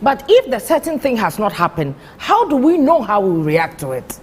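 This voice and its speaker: A woman's voice: medium pitch, very animated, moderate pace, in a large hall, slight background noise. A woman hosting a TV talk show and asking her guests probing questions.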